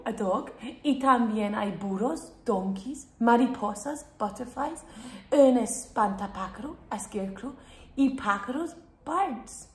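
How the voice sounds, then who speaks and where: High, slow sing-song woman teacher. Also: expressive, roomy sound. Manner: exaggerated, sing-song, prompting children to repeat words. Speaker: children's Spanish teacher and storyteller. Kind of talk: bilingual storybook lesson for young children.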